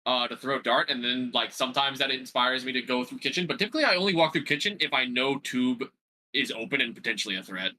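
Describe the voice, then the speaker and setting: A young man with a strikingly bright, sharp tone describes how he plays, in halting casual phrases. A faint hiss sits under his voice. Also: medium pitch, poor audio. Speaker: player being coached. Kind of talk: casual gameplay discussion.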